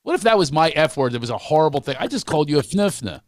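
A man's voice: fairly high pitch, sing-song, very fast, no echo, studio quality. A man who is a comedian guest, ranting animatedly and repeating words when fired up. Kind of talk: animated podcast conversation.

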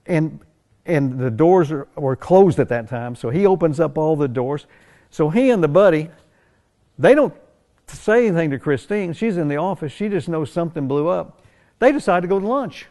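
Gravelly older man telling shop stories. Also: a little high, animated, moderate pace, a little mellow. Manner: folksy, conversational, rambling with restarts. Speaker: drag racing team owner. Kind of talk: animated anecdote telling.

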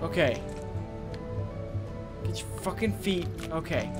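This is a high-pitched, expressive male voice at normal speed. He's a young guy doing casual gameplay commentary, frustrated and profane, with angry outbursts over background game music.

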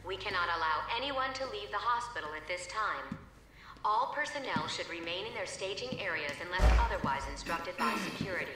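A woman voicing a hospital lockdown announcement in a calm, formal way. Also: lowish voice, fast, hardly any pauses, noisy background, close to an everyday voice. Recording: echoey PA announcement over loud music.

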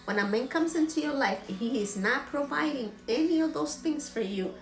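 A woman speaking as a motivational vlogger, earnest and preachy, her fairly high voice stacking repeated phrases to drive each point home. The room is echoey, with faint music underneath. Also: animated, normal speed. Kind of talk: emotional motivational talk.

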